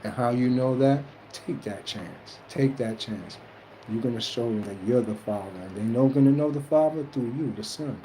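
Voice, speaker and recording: Man, casual spiritual talk, rambling, colloquial, mellow warm voice, faint background hiss. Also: brisk, low-quality recording. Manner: rambling, earnest, colloquial, quotes others in high mock voices. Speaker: spiritual streamer answering chat.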